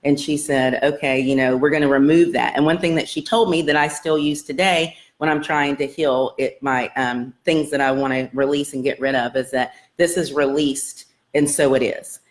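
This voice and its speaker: A woman with a low-pitched voice talks to her viewers in a casual, earnest way. She rambles and restarts often, full of fillers, as she tells her personal story. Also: fairly even intonation, moderate pace, few pauses. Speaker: self-help vlogger.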